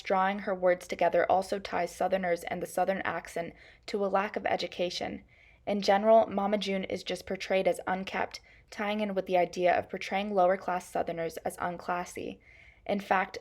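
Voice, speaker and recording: A young adult woman presenting as a student, reading her class presentation in a steady, measured way with frequent hedging phrases. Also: mid-range voice.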